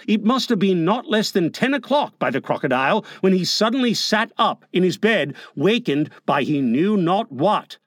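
A man narrating a storybook aloud in a dramatic way, shifting from hushed to lively. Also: sits high, normal speed, few pauses, no room sound, clean studio sound. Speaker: audiobook narrator. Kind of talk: expressive storybook reading.

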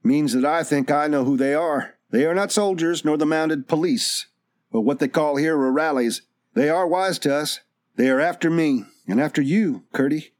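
A man voicing a calm, well-spoken stranger in an audiobook, quiet and precise, raised well above his narrating voice. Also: on the high side, moderate pace, dry recording, studio quality, voice pushed up, lightly acted. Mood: earnest.

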